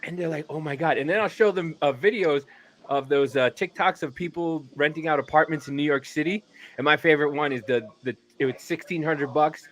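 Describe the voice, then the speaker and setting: A man's voice: a little high, a little fast. Rambling, swearing man telling stories. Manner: rambling, swearing, animated storytelling. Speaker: guest comedian. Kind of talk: casual podcast chat.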